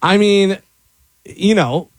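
A man's voice: high-pitched, slow, dry recording. A man joining casual crude banter with wry, teasing remarks.

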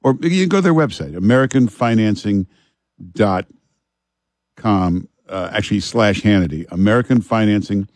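Radio host, man, lowish voice, relaxed halting delivery full of "uh", dry studio sound. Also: no room sound. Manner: relaxed, halting, many "uh" fillers. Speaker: fill-in radio talk show host. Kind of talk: talk radio chat and live ad read. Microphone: studio microphone.

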